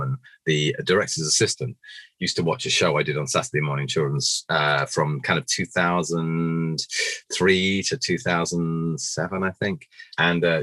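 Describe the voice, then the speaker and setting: Low-voiced, husky man. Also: no room sound. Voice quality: naturally low register. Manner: animated storyteller, acts out quoted voices. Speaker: puppeteer guest. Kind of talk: casual interview anecdotes.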